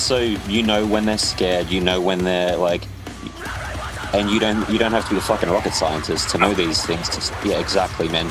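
Male guest, very low voice, halting and impassioned, music bed behind. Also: low-quality recording. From Australia. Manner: halting, restarts a lot, swears, impassioned. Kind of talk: casual podcast interview chat.

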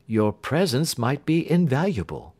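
A man reading an audiobook who voices a keen, confident Victorian male detective, raising his voice and explaining briskly. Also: medium pitch, husky, voice pushed up. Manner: brisk, lively, lecturing.

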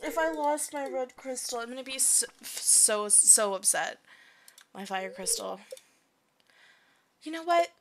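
A woman's voice: high-pitched, a little slow, long pauses, noisy background. A young woman giving casual, self-deprecating commentary while playing a game, laughing often. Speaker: gaming video creator. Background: keyboard clicks and typing.

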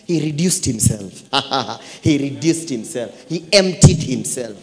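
A man preaching a sermon in a church, swinging from hushed asides to loud exclamations and repeating phrases. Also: mid-range voice, lively intonation, takes it slowly, vocal fry, few pauses. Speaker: pastor. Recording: echoey church hall.

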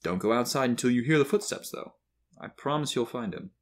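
A man voicing a calm, reassuring father who talks to his son in a steady, confiding way. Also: medium pitch, fairly quick, voice pushed up, natural voice.

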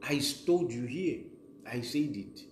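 A man's voice: mid-range voice, slow pace, a little mellow. A middle-aged Zambian man hosting a direct-to-camera political monologue, combative and repetitive, switching between English and Bemba. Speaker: political commentator, show host. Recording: roomy echo, faint background hiss.

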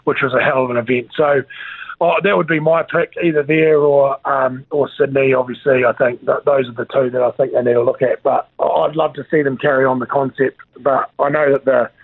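A man's voice: medium pitch, fairly even intonation, brisk, no echo. A New Zealand man, a former rugby player, chatting casually as a guest in a laid-back, rambling way, full of fillers. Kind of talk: casual chat. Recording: tinny phone line.

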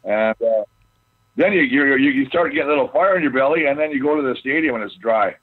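A man, a former football player, telling rambling, animated stories as an interview guest, with many restarts. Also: mid-range voice, quick pace, husky. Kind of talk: casual storytelling interview. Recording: tinny phone line.

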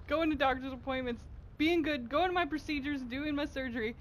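A high-pitched woman gushes and squeals through her game loot openings, pleading for good drops. Faint room hum sits behind her home recording. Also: brisk. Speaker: gaming YouTuber.

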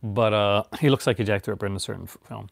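A man's voice: fairly low pitch, steady tone, fast talker, gravelly, dry recording. A man hosting a casual, rambling chat about his movie collection, laughing often.

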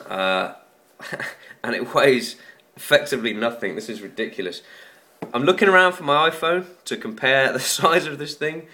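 A man's voice: medium pitch, fairly bright tone, slight background noise. A man talking casually through an unboxing, rambling and joking at his own expense. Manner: rambling, chatty and self-mocking. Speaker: tech YouTuber.

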